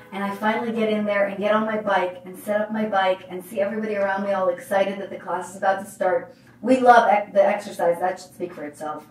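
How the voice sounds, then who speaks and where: Animated woman coach telling a story. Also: medium pitch. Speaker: life coach. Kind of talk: motivational storytelling. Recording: roomy, distant mic.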